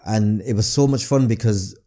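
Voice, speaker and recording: A man, a guest comedian telling stories in a casual podcast chat, his pitch jumping up on emphasis. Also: moderate pace, mellow. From northern England.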